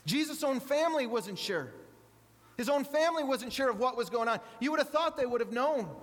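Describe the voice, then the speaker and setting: A man's voice: very high voice, animated, fairly quick, long reverb tail. A man preaching a sermon to a congregation that includes children. He speaks conversationally, repeats words and asks the audience questions.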